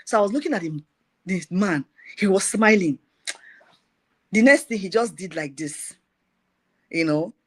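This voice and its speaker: A middle-aged woman tells a personal testimony in a fairly low voice. She retells events in a lively way and repeats phrases for emphasis. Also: takes it slowly, pauses often, slightly rough.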